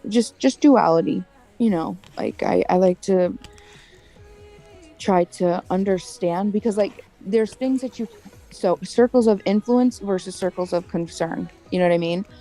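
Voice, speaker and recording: An unhurried, mellow woman with a mid-range voice chats with friends on a stream backed by soft music. She's talkative and laughs often, spinning long retellings of conversations complete with quoted voices.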